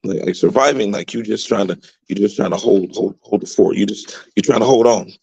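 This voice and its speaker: A low, gravelly male voice with a husky grain tells stories with a coach's emphatic push, often repeating words for stress. He is a high school football coach on a radio talk show. The sound is close and dry. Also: fairly quick, dark tone, no room sound, lo-fi sound. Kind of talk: radio interview storytelling.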